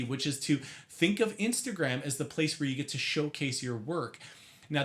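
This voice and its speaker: A young man teaching marketing tips straight to camera in an energetic, chatty way, often correcting himself mid-sentence. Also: mid-range voice. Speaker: marketing coach for therapists.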